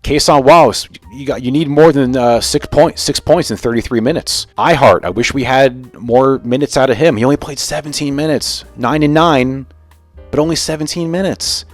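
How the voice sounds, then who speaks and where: A man's voice: medium pitch, normal speed, faint music behind. A young man hosting a casual sports commentary vlog, opinionated and ranting about the game. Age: young adult. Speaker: sports video host.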